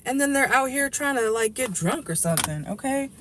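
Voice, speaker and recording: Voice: high-pitched, animated, a little fast, background noise. A tarot reader in a car giving a casual, rambling and blunt reading to viewers, swearing freely. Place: inside a car.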